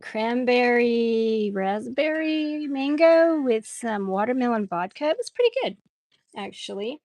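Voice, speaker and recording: A woman's voice: on the high side, dry recording, studio quality. A woman chatting casually with viewers while she draws on a livestream, laughing often as she reads out their comments. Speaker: art livestream host.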